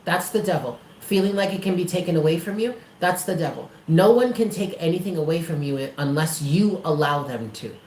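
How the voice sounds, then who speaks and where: Giving a live tarot reading, this man speaks on the high side with an animated, darkish tone, fairly quick and with few pauses. Emphatic and blunt, he curses freely yet stays affectionate, using endearments for the sitter. The audio has a roomy echo and a faint hiss behind him.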